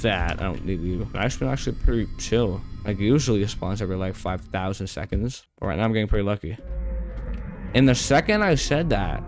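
With music running underneath, a young man with a fairly low, lively voice narrates his horror gameplay for YouTube. His commentary is casual and packed with slang, he speaks to the on-screen creatures, and fright makes him yelp and speed up.

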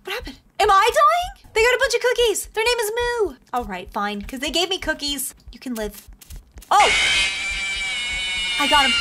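Bubbly high-voiced woman gaming host. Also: animated, moderate pace, noisy background. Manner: bubbly, gasping, squealing reactions. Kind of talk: excited gameplay commentary.

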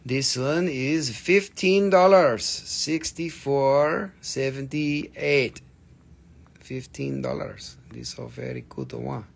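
Gravelly, excitable live-sale host. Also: male voice, mid-range voice, slow pace. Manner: jokey, excitable, teasing viewers. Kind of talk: live-stream sales patter.

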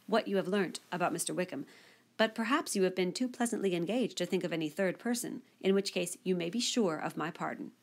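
A woman reading as a sharp-witted young woman. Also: on the low side, a little fast. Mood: spirited. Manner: pointed and articulate. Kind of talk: audiobook character reading.

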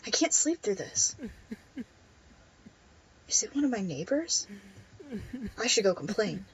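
A woman's voice: mid-range voice, very animated, measured pace, slight background noise, low-quality recording. A woman reading aloud the lines of a young man who has just moved into a new apartment, in her own plain voice.

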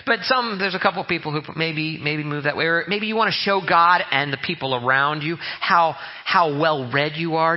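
A man's voice: on the high side, expressive, brisk, few pauses, dull audio. A man preaching a humorous, conversational sermon as a pastor, often mimicking the way people pray. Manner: joking, conversational, mimics prayer voices. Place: church sanctuary.

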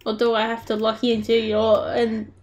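A woman's voice: fairly high pitch, completely flat delivery, moderate pace, darkish tone, lo-fi sound. A young Australian woman streaming a game, chatting casually, laughing often and talking to the characters on screen. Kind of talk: casual live-stream gameplay commentary.

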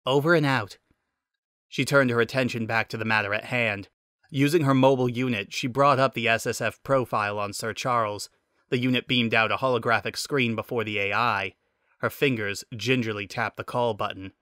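A man reading a fan-fiction story aloud in steady dramatic narration. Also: mid-range voice, a little fast, no room sound, studio quality.

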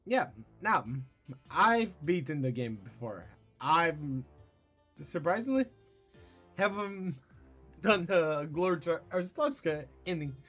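A man's voice: on the high side, big pitch swings, slow, pauses often, a bit bright. A man giving casual gameplay commentary, laughing often and swearing casually, with faint game music behind. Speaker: gamer.

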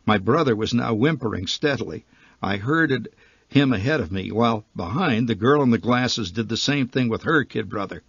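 A man's voice: mid-range voice, expressive, normal speed, creaky, breathy edge, dry recording, lo-fi sound. A man reading his own humorous short story aloud, wry and vivid in his comic storytelling.

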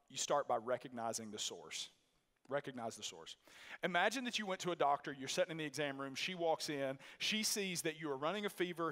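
A man's voice: a little high, fairly bright tone. A male pastor preaching a sermon in a church, emphatic and repetitive, telling a story with many restarts. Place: church sanctuary. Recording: long reverb of a church hall.

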